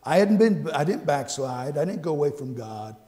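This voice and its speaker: A man preaching a sermon and telling his own story, earnest and repetitive, going from hushed to exclaiming. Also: on the high side, big pitch swings, moderate pace. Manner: earnest, repeats phrases, swings between hushed and exclaiming. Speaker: pastor. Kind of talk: sermon with personal testimony. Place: church sanctuary. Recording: long church reverb.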